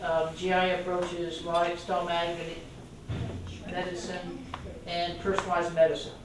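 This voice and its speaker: A man's voice: high-pitched, monotone, measured pace, background noise. An older man, a retired doctor, giving an enthusiastic, rambling informal lecture to a club audience and joking with them. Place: meeting room. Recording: echoey room, voice from a distant mic.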